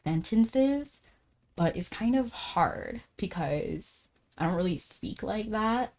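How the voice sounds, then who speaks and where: Fast-talking, giggly woman streamer. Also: medium pitch, expressive, darkish tone. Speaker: game streamer. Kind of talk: casual live-stream chat while gaming.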